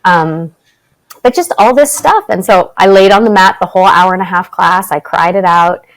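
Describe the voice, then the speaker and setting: A woman's voice: fairly low pitch, moderate pace, poor audio. A middle-aged woman from Canada, a guest on an interview podcast, telling personal stories with laughter and acted-out quotes. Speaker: podcast guest, actress and spiritual teacher. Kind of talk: casual interview storytelling.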